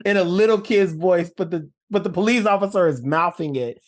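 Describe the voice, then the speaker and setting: A man co-hosting a casual podcast, lively and laughing often. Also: high voice, brisk. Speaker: podcast co-host. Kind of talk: casual chat.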